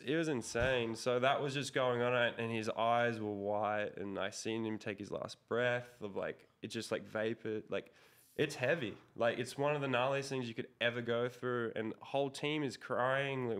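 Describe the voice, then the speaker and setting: Aussie dude rambling through a story, swears a lot, tons of "like", mid-pitched voice. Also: male voice, steady tone, moderate pace. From Australia. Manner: rambling, heavy swearing, filler-laden. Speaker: guest, pro BMX rider. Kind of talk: casual emotional storytelling.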